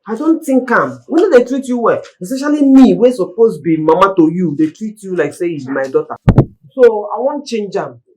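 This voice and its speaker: A woman's voice: medium pitch, animated, a little fast, background noise, close to an everyday voice. An actress with a Nigerian accent plays a guardian woman coaxing and pleading in Pidgin with a falsely sweet manner.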